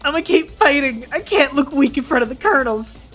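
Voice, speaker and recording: A woman streamer giving playful, excitable commentary during a game playthrough. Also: high voice, fairly quick, faint music behind.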